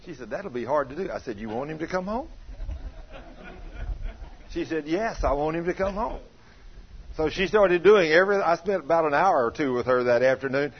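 A man's voice: a little high, normal speed, pauses often, dull audio, a little hiss or hum. A man preaching a folksy sermon, telling stories and acting out what people said. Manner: animated, acts out quoted voices, shouts in anecdotes. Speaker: pastor.

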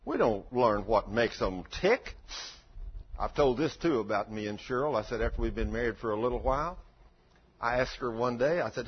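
An older man preaching a sermon in a folksy storytelling way that swells into loud fervor, in a dull lo-fi recording. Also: mid-range voice, animated, moderate pace, husky.

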